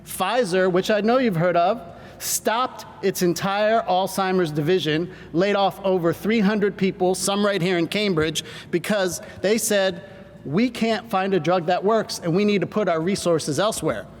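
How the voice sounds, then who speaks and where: High-voiced man giving a seminar talk. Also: a little slow. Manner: energetic, engages the audience with call-and-response. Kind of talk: stage presentation to a live audience. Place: large hall with audience. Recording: hall reverb, faint rumble.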